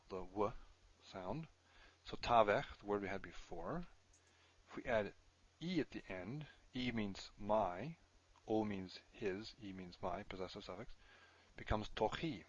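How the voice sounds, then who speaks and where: A man's voice: lowish voice, dull audio. A man teaching a recorded language lesson, explaining step by step, thinking aloud and correcting himself as he goes. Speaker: Hebrew teacher.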